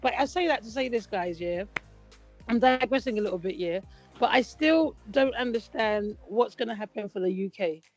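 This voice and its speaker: A woman, co-hosting a casual chat and telling stories with lively acted-out quotes. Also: on the high side, moderate pace. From Britain. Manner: animated storytelling, acts out quotes. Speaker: podcast co-host. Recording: dull lo-fi sound with faint music.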